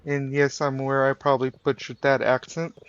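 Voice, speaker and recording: A man's voice: mid-range voice, flat delivery, a little fast, smooth, highs cut off. Joking man streaming a game. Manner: joking, teasing chat, mock British phrases. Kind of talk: casual live gameplay commentary.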